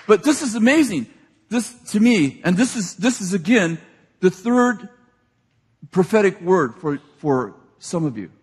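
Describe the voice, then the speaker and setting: A man preaching a sermon. He retells scripture in everyday speech and builds to shouted, excited appeals. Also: high voice, slightly rough. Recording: long hall reverb.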